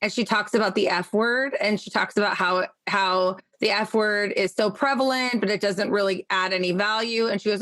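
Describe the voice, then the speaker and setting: A woman's voice: mid-range voice, fairly even intonation, normal speed, hardly any pauses, fairly bright tone, no room sound. A woman hosting a podcast interview, talking casually and enthusiastically and swearing freely. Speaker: podcast host.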